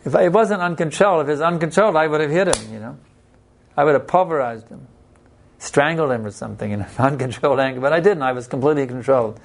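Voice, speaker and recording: A man teaching a devotional scripture class in an unhurried, plain-spoken way, telling personal stories. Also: fairly high pitch, vocal fry.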